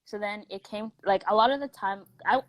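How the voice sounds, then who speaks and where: A woman's voice: mid-range voice, fairly quick, dry recording, low-quality recording. A young woman with a Canadian accent, originally from South Africa, chatting casually as a guest and telling stories with lots of "like". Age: young adult. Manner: chatty storytelling, heavy use of "like". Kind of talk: casual chat.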